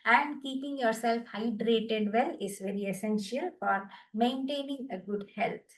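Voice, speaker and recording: A woman's voice: on the high side, a little slow. A woman with an Indian English accent leading a group wellness session, cueing exercises in an upbeat, encouraging way with bursts of laughter. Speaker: yoga and laughter therapy instructor. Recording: distant from the mic.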